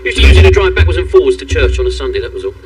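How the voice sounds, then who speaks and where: A man's voice: big pitch swings, racing. Del Boy, smarmy Cockney dealer. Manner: smooth patter, sales pitch. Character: fast-talking Cockney wheeler-dealer, cheeky and smarmy. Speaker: used-car salesman. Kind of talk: sitcom acting. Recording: distant mic, loud noise.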